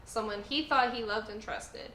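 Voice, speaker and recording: Excitable woman recapping in an echoey room. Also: on the high side, normal speed. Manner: gushing, animated, emphatic repetition. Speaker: host. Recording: echoey room with faint noise.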